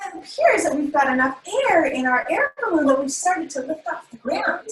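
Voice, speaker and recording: Bright, lively woman leading kids' yoga. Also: high voice, moderate pace, few pauses. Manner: playful, encouraging, sing-song cues. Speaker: yoga instructor. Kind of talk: guided kids' yoga class. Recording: echoey room, voice from a distance.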